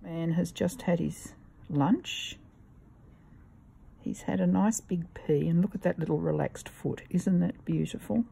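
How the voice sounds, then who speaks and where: An Australian woman, a wildlife carer, cooing soft, fond baby talk to a bat pup indoors at home. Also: lowish voice, unhurried, vocal fry, husky, low-quality recording. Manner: soft, fond, sing-song.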